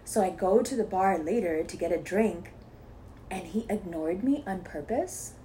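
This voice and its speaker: Lively chatty woman telling a story. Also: lowish voice, measured pace, slight background noise. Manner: animated storyteller, acts out quotes, laughs often. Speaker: podcast co-host telling a story. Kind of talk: casual chat.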